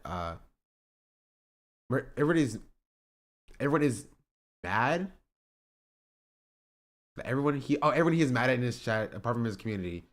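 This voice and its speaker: A man's voice: medium pitch, very animated, normal speed, long pauses, fairly bright tone. A male streamer in casual chat, reacting to online drama in a rambling, exasperated way with many filler words.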